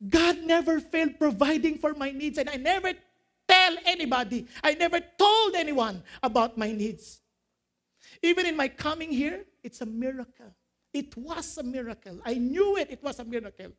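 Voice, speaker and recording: A man, a pastor, preaching a sermon in an animated way, quoting scripture, asking the congregation questions and laughing at his own jokes. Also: very high-pitched, moderate pace. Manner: quotes scripture, asks the audience questions.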